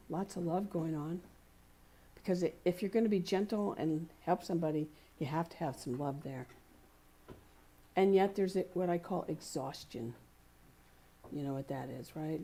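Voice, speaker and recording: A woman's voice: lowish voice, slightly rough. Woman giving a chatty, anecdotal sermon. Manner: warm anecdotal storytelling with laughs and playful quoted voices. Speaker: speaker at a spiritual community service. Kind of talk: conversational sermon. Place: community center hall.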